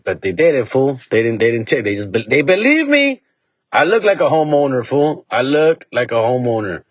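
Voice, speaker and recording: A man's voice: mid-range voice, very animated, moderate pace, no room sound, clean studio sound. A man, a comedian and podcast host telling stories in a casual, profane, slang-heavy way, dropping Spanish words and ending lines with "dog" and "fool". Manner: drops Spanish words and phrases.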